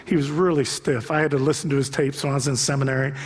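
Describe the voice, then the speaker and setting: A man preaching a sermon as a pastor, telling stories with animation and building to impassioned shouts. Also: medium pitch, fairly even intonation, fast talker, husky, long reverb tail.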